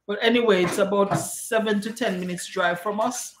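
Woman host, chatty live-stream, greets viewers by name, echoey room, mid pitch. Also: steady tone, moderate pace, slight background noise. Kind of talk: live-stream chat, reading out viewer comments.

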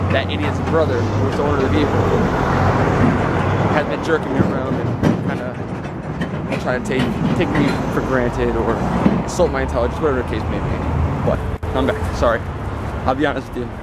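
Aggravated man ranting over traffic noise. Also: medium pitch. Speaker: vlogger. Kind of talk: ranting vlog while driving. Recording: noisy street traffic behind.

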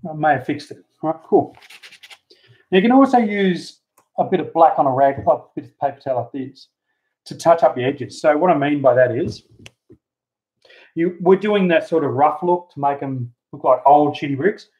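A man who hosts a channel about hobby model building chats loosely and easily through his project, swearing now and then as he works, at normal speed. His voice sits a touch high for a man. The casual how-to crafting talk is recorded on a handheld camera mic, sounding dull and lo-fi.

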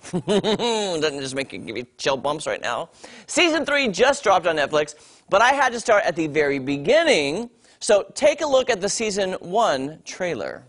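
A man's voice: sits high, big pitch swings, moderate pace, a bit bright. A man hosting a segment on a morning TV show, chatting animatedly and enthusiastically about a series he is watching. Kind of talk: casual on-air TV review. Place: TV studio.

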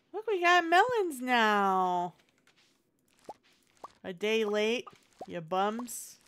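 A woman's voice: fairly high pitch, animated, extremely slow, fairly bright tone, a little hiss or hum. A woman streamer chatting casually over gameplay, talking to herself and the chat in a chatty, encouraging way. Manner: chatty, encouraging, self-talk.

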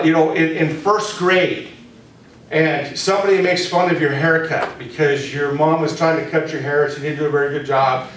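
A man teaching a spiritual course, speaking candidly to a small group and telling stories from his own life. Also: a little high. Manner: candid storytelling, speaks straight to listeners. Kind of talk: personal talk to a small group. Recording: very echoey room, from a distance.

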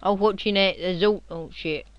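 Rambling young gamer, dry mic. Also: male voice, high-pitched, moderate pace, clean tone, no room sound, lo-fi sound. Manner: rambling, jokey, shouts at enemies. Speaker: gamer playing on video. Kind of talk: casual game commentary.

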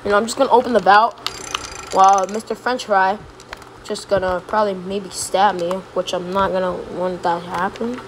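A woman streaming a game live, chatting casually and breaking into excited yelps when she is chased. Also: mid-range voice, moderate pace, slight background noise, low-quality recording. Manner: casual, says "bro" a lot. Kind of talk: live gameplay commentary.

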